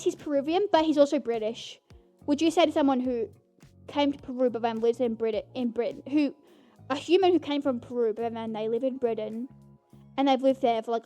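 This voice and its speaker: Bubbly young woman with a high voice. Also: a little mellow. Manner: bubbly, rambling, keeps saying "guys". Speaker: podcast host. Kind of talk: casual solo movie review.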